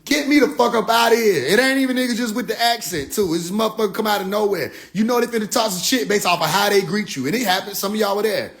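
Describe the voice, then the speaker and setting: High-voiced, animated man ranting. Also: fast, hardly any pauses. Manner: animated, profane, slangy storytelling. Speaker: vlogger. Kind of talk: comedic rant.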